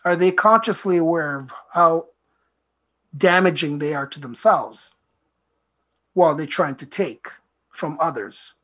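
A man's voice: a little high, a bit bright. A man hosting a self-help talk show, speaking earnestly and reflectively in a repetitive, lecturing way. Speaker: radio show host.

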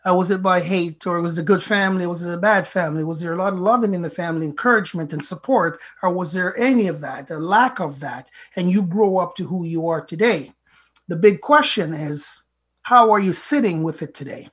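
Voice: mid-range voice, fairly quick, slightly rough. A podcast host giving an earnest, motivational talk that is full of rhetorical questions and direct advice to listeners. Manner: earnest, preachy, asks many rhetorical questions; retells a fable in plain speech.

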